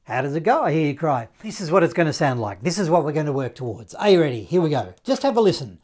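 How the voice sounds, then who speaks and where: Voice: mid-range voice, big pitch swings, fast talker. Chatty, encouraging online saxophone tutor; casual delivery, scats and counts. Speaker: saxophone teacher. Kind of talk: online music lesson.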